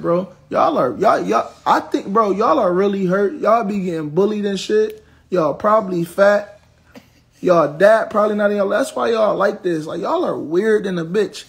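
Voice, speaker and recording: Young man ranting on a livestream, gravelly and high. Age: 20s. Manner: blunt, profane, ranting at commenters. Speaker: social media personality on a livestream. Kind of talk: venting on a livestream.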